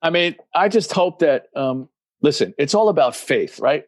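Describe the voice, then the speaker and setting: A man's voice: on the high side, normal speed, no room sound. Rambling older man telling stories. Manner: rambling, animated, acts out voices in anecdotes. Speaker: guest, musician and recovery coach. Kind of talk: casual interview storytelling.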